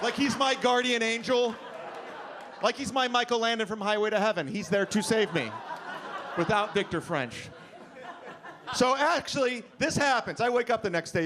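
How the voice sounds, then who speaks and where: High-voiced man doing stand-up. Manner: storytelling, drunk-anecdote delivery with acted-out quotes. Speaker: stand-up comedian. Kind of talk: stand-up set. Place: comedy club stage. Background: audience laughter.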